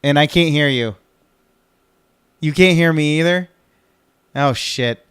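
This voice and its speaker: Smooth-voiced man rambling on a podcast. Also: on the high side, slow pace, fairly bright tone, dry recording, clean studio sound. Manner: rambling, self-interrupting, swears when flustered. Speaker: podcast co-host. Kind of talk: casual podcast chat.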